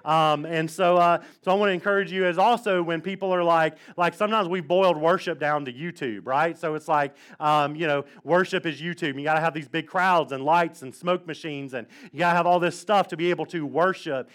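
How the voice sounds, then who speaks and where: Pastor, man, 30s, slightly higher voice, conversational storytelling sermon style, frequent "all right?" check-ins. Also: brisk, hardly any pauses, a bit bright. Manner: chatty, joking storyteller, lots of "like" and "all right?". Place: church sanctuary.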